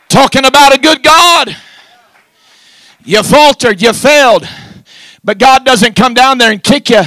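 Male preacher, sermon delivery, emphatic rhythmic cadence, sharp voice. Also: very high-pitched, no echo.

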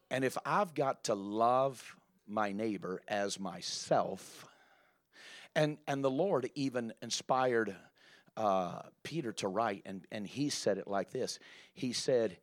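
A man's voice: on the low side, animated, slow pace. Emphatic man preaching a sermon. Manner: emphatic, building to loud rising exclamations.

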